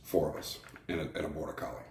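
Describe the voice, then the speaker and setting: A man's voice: rumbling low, very fast. A man from Arizona, a former prison shot caller, telling his life story frankly in an interview, rambling with fillers and restarts. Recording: echoey room with faint noise.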